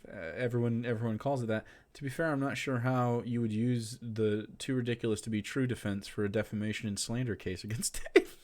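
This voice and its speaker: A man's voice: medium pitch, fairly even intonation, fairly quick, few pauses, darkish tone. A young man commenting sarcastically on clips during a casual stream, mocking what he hears.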